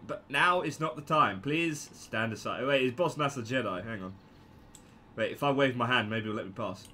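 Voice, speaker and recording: A man giving casual gameplay commentary, excitable, yelping and joking as he plays. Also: medium pitch, normal speed.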